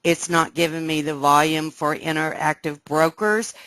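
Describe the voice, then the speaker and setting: Excited woman teaching live trading. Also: low-pitched, moderate pace, dry recording. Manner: explanatory, keeps checking listeners follow; excited, animated. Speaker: trading instructor. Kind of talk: live trading room lesson.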